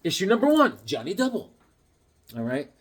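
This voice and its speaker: Animated high-voiced man telling stories. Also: moderate pace. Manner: animated, acts out voices and yelps mid-story. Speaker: comic collector vlogger. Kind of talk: casual storytelling while showing comics.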